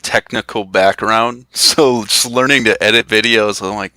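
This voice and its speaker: A man speaking as a podcast guest in casual chat, relaxed and self-deprecating, with lots of fillers and restarts. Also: on the low side, unhurried, no room sound, poor audio. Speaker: guest, retro game YouTuber.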